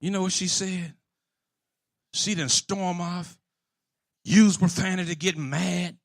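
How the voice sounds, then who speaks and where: High, gravelly shouting preacher man. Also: fairly even intonation, slow pace, no echo. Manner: shouting, call-and-response preaching. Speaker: pastor. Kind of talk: sermon.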